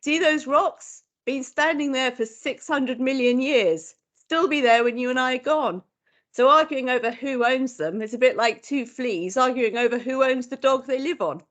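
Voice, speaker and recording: A woman's voice: high voice, normal speed, a bit bright. A woman reading out an easygoing outback bushman. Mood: wry. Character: laconic male outback bushman explaining land.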